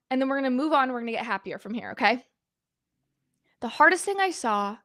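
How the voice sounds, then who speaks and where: High-voiced young woman close to tears. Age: 20s. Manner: emotional, earnest, repeats herself for emphasis. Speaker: guest host of a livestream. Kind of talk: livestream open forum.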